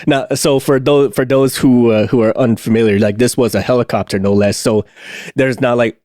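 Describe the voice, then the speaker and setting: On a casual podcast, a male co-host who works as an aircraft maintenance technician rambles through a maintenance war story, full of fillers, restarts, and frequent laughter. His mid-range voice has a darkish tone, fairly even intonation, and a moderate pace, recorded in studio quality with no room sound.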